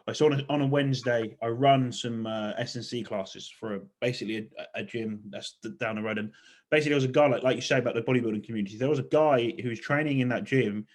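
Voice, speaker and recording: A man's voice: medium pitch, quick pace. Rambling, swearing man on a podcast. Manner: rambling, swearing, laughs often. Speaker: podcast co-host. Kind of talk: casual chat.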